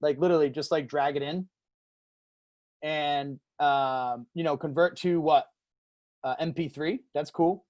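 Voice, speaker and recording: Rambling man giving a casual software tutorial. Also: fairly even intonation, unhurried, pauses often. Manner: loose and rambling, full of fillers and "boom". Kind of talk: casual screen-share tutorial.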